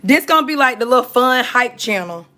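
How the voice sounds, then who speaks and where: A woman's voice: a little high, lively intonation, brisk, bright, forceful tone. A woman hosting a livestream, chatting casually with viewers and reading out their comments in a chatty, emphatic way. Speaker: livestream host.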